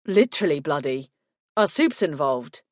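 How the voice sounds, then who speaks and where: A woman voicing a suave male vampire who speaks in a low, tender purr, in an audiobook. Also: sing-song, normal speed, no echo, clean studio sound.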